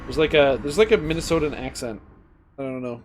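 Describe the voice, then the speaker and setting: A man's voice: on the high side, fairly quick, slight background noise. Sarcastic young man ranting while gaming. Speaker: game streamer. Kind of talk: casual gameplay commentary. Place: apartment.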